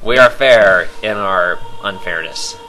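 In poor audio, a young man with a low, slow voice co-hosts a video game let's play over game music. His casual commentary rambles, full of jokes and giggles.

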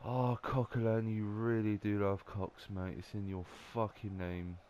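Frustrated, swearing young gamer. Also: male voice, on the low side, flat delivery, a little slow, a little mellow, lo-fi sound, a little hiss or hum. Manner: swearing, ranting at the game. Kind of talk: angry gameplay commentary.

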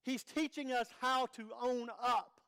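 A man's voice: very high-pitched, steady tone, slow pace, gravelly, pushed and bright, clean tone. A man preaching an earnest, conversational sermon as pastor, with rhetorical questions to the congregation.

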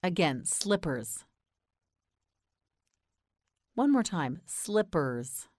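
An American woman teaching English pronunciation in a slow, scripted lesson, patiently repeating each word and encouraging the learner. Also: on the low side, big pitch swings, darkish tone, no room sound, studio quality.

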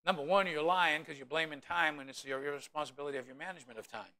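A man, a pastor, preaching a sermon in an animated way with humorous asides to the congregation. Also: on the high side, quick pace, few pauses.

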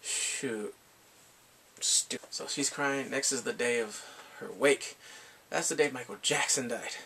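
A man recapping a drama in casual chat, excitable, often laughing and sighing as he acts out the characters' lines. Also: medium pitch, slow pace, husky. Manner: excitable, quotes characters in lively voices, laughs and sighs often. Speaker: drama reviewer.

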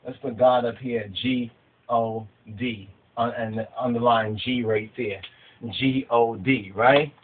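A man's voice: mid-range voice, fairly even intonation, slow. A man giving a spiritual teaching, emphatic and repetitive, asking his listeners rhetorical questions. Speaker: religious teacher. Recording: phone-like narrow sound.

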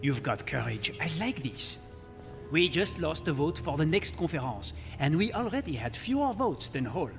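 A man's voice: on the high side, big pitch swings, normal speed, gravelly. An actor playing a pompous, brusque male emperor giving orders in a story game. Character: blustering male emperor impression. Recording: game audio with music underneath.

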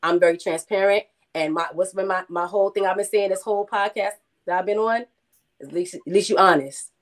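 A woman's voice: mid-range voice, a little fast. A woman with a New York accent, speaking outspokenly and confidently as a panelist. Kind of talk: casual panel discussion.

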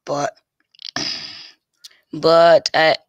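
The voice is a man's, on the high side and flatly delivered, with no echo and dull-sounding audio from a desk mic with a pop filter. As a YouTube vlogger rambling casually to viewers, he keeps stumbling, restarting, and repeating phrases before finishing what he means.

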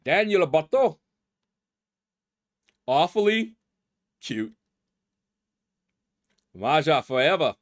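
A man's voice: a little high, big pitch swings, slow pace, long pauses. Laid-back man calling out gamer names. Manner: laid-back, muses aloud, stumbles over names. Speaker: gaming channel host. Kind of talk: casual commentary reading leaderboard names.

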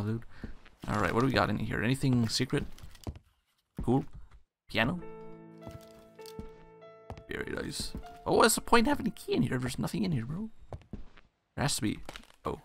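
A man's voice: lowish voice, gravelly, fairly bright tone. A young man casually commenting on a horror game as he plays, swearing often and calling the viewer dude and bro. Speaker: gaming channel host. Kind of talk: let's play commentary.

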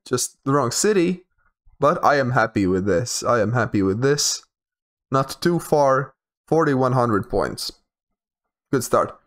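Slow, musing young man playing a map game. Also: mid-range voice. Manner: thinking aloud, hesitant, repeats words. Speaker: game streamer. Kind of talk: casual gameplay commentary.

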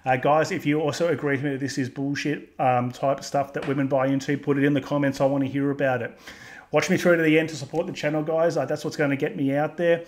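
A man's voice: on the high side, little pitch movement, quick pace. A man with an Australian accent hosts a reaction video and delivers a crude, sarcastic, heated rant. He swears constantly and talks straight to his viewers. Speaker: commentary channel host.

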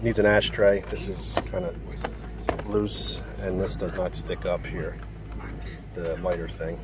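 A middle-aged man with a fairly low voice walks around a car he is selling, talking casually and rambling a bit around a cigar. He is recorded on a camera mic outdoors and inside the car. Clear street and engine noise sits under his voice. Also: fairly even intonation, unhurried. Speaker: car seller. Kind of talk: casual walkaround video.

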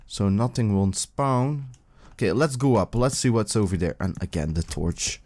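A man hosting his own gaming video, giving rambling, casual let's-play commentary full of fillers and breaking into excited yelps, talking into a desk microphone as he plays. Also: on the low side, moderate pace.

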